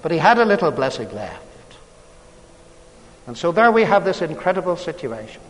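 High-voiced man preaching in an echoing hall. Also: big pitch swings, normal speed. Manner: chatty, rhetorical tag questions. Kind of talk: storytelling sermon. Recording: long hall reverb.

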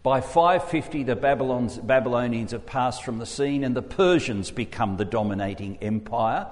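A man's voice: mid-range voice, expressive, moderate pace. A man with an Australian accent, preaching a sermon and reading scripture aloud as he teaches through the text. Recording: echoey hall with long reverb.

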